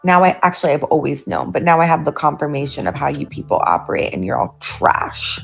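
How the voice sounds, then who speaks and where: A young woman venting a personal story to camera, agitated and swearing, her voice getting louder in bursts. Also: deep voice, sing-song, a little fast, gravelly, soft background music. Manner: agitated, swearing, rising to loud outbursts. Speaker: TikTok storyteller.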